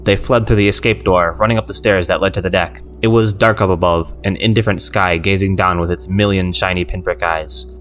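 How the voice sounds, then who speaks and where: A man narrating a scripted horror story in a measured, steady way. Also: deep voice.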